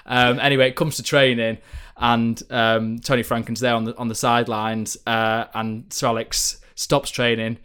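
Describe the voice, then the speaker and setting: A man's voice: medium pitch, flat delivery, normal speed, fairly bright tone, smooth. A man, a football journalist, telling an anecdote in casual podcast chat, rambling with fillers and restarts.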